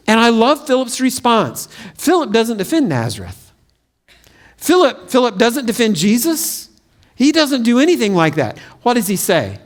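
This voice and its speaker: A man preaching a sermon as pastor of a church, telling stories in an animated way and acting out the quotes. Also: very high voice, unhurried. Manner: animated storytelling with acted-out quotes. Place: church sanctuary.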